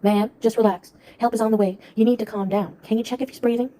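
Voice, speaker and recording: A woman acting as a patronizing emergency dispatcher in a comedy skit. She rattles off questions at a fast clip in a dark, mellow voice, flat and condescending. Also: a little high, lightly acted. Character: rude incompetent female 911 dispatcher. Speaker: skit actor.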